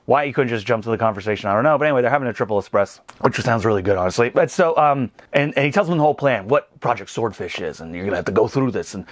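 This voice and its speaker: Rapid, bouncy man in his thirties, rambling comedic movie recap, dry close sound. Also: mid-range voice, no echo. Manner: animated, rambling, laughs at his own jokes. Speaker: movie reviewer.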